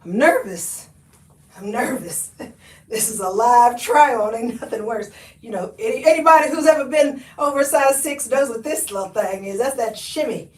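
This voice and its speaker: A woman's voice: a little high, normal speed, recorded from a distance. A woman hosting a live thrift try-on, chatting folksy with viewers, laughing and calling them honey and y'all. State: out of breath. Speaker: thrift haul livestream host. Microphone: camera mic, often stepping away from it. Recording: echoey room, voice often off-mic.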